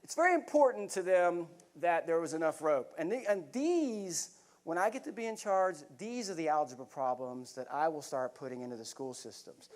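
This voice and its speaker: Middle-aged male keynote speaker, fairly high voice, animated storyteller. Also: normal speed. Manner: vivid, animated storytelling with bursts of laughter. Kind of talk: storytelling talk to a live audience.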